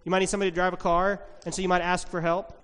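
High-voiced pastor in a reverberant hall. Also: male voice, very fast, clean tone. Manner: asks kids questions in a lively, encouraging way. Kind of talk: children's sermon. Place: church sanctuary.

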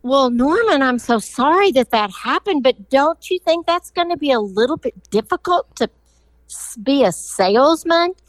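A woman's voice: high voice, animated, normal speed, no room sound, low-quality recording. A woman voicing a doubtful middle-aged male sales manager who questions his new hires. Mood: questioning.

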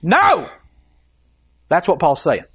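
A man's voice: high-pitched, animated, measured pace, a little hiss or hum. Emphatic male pastor preaching. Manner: emphatic, asks the congregation questions. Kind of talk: sermon.

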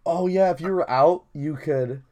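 A man's voice: on the high side, moderate pace, a little mellow. Young man, podcast co-host, casual chat, profane, rambling, laughs often.

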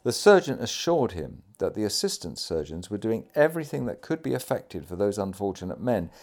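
Man narrator, low voice, measured formal reading, historical account. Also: sing-song, a little mellow. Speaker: audiobook reader.

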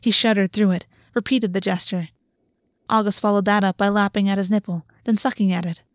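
A woman narrating a story in a steady, measured reading style. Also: mid-range voice, dry recording, clean studio sound. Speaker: audiobook narrator.

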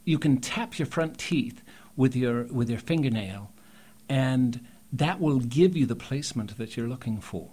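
Male dialect coach, mid pitch, relaxed, explains with dry joking asides. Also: unhurried. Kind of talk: casual interview talk.

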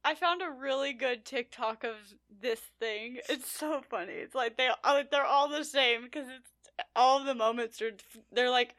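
A woman with a fairly high, bright voice, guesting on a podcast. She tells stories in a lively, animated way and laughs as she talks. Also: normal speed. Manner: animated storyteller, laughs while talking. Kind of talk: casual chat.

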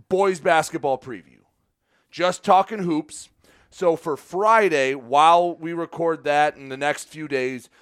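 A man's voice: on the high side, fairly bright tone, clear, resonant tone, dry recording, clean studio sound. A man co-hosting a casual sports podcast, chatting and laying out the show schedule. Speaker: podcast co-host.

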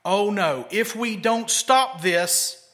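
A man's voice: sits high, takes it slowly, pushed and bright, full character voice. A male pastor mocking a panicking man who frets about war and doom in frantic, wailing cries. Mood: alarmist.

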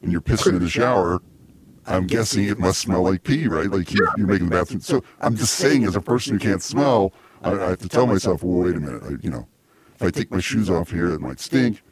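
A man's voice: deep voice, expressive, fairly quick, husky. A man hosting a casual comedy podcast, chatty and rambling. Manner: chatty, laughs easily, rambling. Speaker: podcast host.

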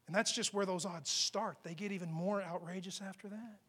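A man's voice: sits high, fairly even intonation, normal speed, few pauses, fairly bright tone, slightly rough. A man preaching a sermon into a microphone, talking in a conversational, emphatic way and putting questions to his listeners. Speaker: pastor.

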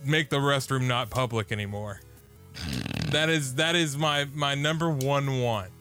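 Bright-voiced joking male co-host. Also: mid-range voice, measured pace, faint music behind. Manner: crude, joking, laid-back. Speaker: podcast co-host. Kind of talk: casual podcast chat.

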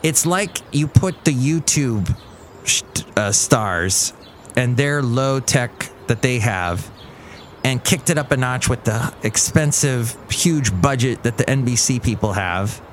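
A man's voice: mid-range voice, lively intonation, takes it slowly, slight background noise. A man hosting his own show in a casual, rambling monologue, thinking aloud as he talks. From California. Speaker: host.

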